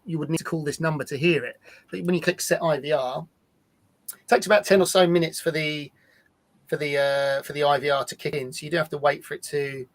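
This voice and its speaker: Rambling man giving a live product demo. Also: a little high. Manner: rambling, restarts and repeats words often.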